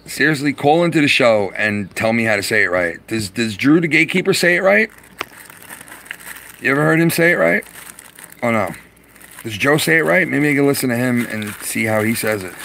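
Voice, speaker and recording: A man chatting loosely with viewers on a live stream from his garage, excitable and profane, laughing often and stumbling over words. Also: mid-range voice, fairly quick, gravelly, slight background noise. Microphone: phone.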